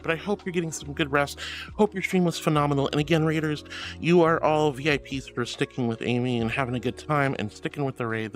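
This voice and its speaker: Gushing, flustered woman streamer. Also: low voice. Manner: gushing, flustered, laughs often. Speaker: live streamer. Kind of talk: live-stream chat thanking viewers.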